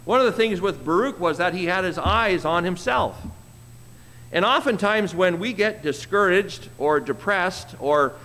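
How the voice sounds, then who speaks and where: A man preaching a sermon, reading scripture slowly and commenting on it with an easy chuckle. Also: fairly high pitch, fairly bright tone, in a large hall. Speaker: pastor.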